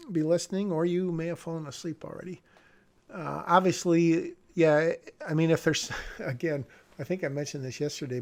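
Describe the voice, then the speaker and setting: A screenwriter vlogger with a high-ish, slightly mellow voice and vocal fry comments casually while screen-sharing a script he's revising. He rambles, breaks off mid-sentence and chuckles at himself.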